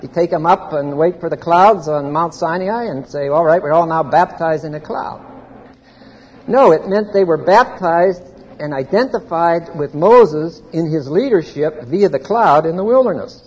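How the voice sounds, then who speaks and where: A man with an animated, rather high voice and darkish tone speaks at a moderate pace in a lo-fi recording, giving an expository Bible teaching to a live audience in a large hall. He explains grammar point by point and quizzes his listeners, with the reverberant hall carrying faint background noise.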